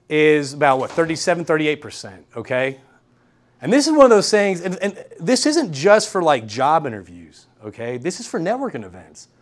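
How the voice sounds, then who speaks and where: A young man speaks to a lecture room in a fairly high voice. He is energetic and repeats his main points, often checking in with the listeners. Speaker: guest lecturer. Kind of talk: university workshop talk.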